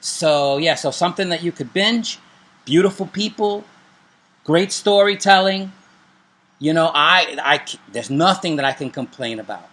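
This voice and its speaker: A man's voice: a little high, expressive, unhurried, fairly bright tone. A middle-aged man co-hosting a casual chat and recommending TV shows, joking and making self-deprecating asides. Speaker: show co-host.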